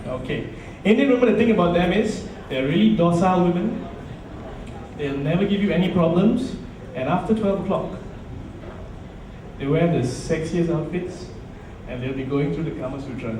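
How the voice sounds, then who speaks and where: A man from Malaysia doing a punchy stand-up comedy set on a nightclub stage, often dropping into low asides. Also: animated, moderate pace, pauses often, a little mellow, slight background noise. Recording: echoey club recorded from far off.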